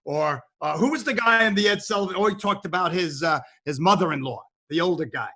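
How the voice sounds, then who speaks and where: A man's voice: sits high, a little fast, bright, forceful tone. A man hosting a casual video-call chat with comedians, asking questions and reminiscing. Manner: reminiscing, asks guests questions. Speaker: host.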